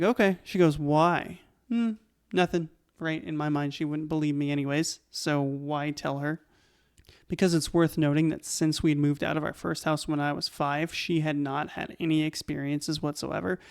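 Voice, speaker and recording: A young adult man telling his own stories in a casual, animated way as a channel host. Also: on the high side, vocal fry, clean tone. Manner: animated, conversational, laughs between lines. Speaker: YouTube host. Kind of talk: casual storytelling to camera.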